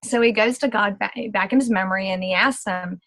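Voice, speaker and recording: A woman telling a personal faith story as a testimony, retelling it with lively acted-out dialogue. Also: medium pitch, brisk, no echo, rough recording. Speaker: ministry speaker.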